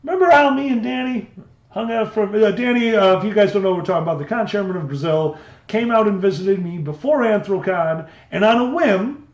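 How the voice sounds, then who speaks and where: Animated man, high-pitched, casual stream co-host, roomy, muffled mic. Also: a little fast. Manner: animated storytelling. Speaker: livestream co-host. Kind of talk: casual chat. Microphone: desk microphone.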